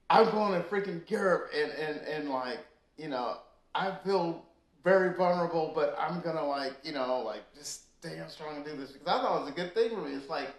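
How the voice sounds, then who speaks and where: A man in an interview telling stories from touring, animated and full of fillers. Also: fairly high pitch. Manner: animated storyteller, many fillers. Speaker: guest musician. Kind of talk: casual storytelling interview. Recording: echoey room.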